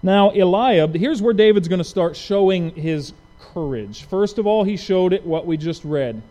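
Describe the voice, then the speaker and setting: A man with a high-pitched voice and moderate pace preaches a verse-by-verse Bible sermon. Lively, he asks his listeners questions and acts out the people's quoted speech in the story conversationally.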